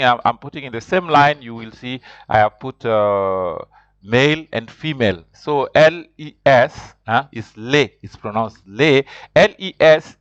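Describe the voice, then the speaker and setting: Halting low-voiced man teaching French. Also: dry recording. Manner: halting, many fillers and restarts, asks "huh?" often. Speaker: language teacher. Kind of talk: online French lesson. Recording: slightly dull lo-fi recording.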